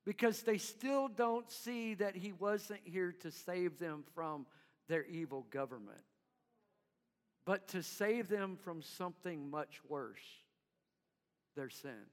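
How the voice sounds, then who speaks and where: A man preaching a sermon in an animated way, acting out crowd voices and dropping to quiet low tones. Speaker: pastor. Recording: long reverb in a hall.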